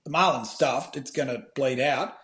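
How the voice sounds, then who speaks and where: A middle-aged Australian man telling fishing stories in a casual podcast chat, animated and swearing freely. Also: mid-range voice, moderate pace. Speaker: guest, fishing filmmaker.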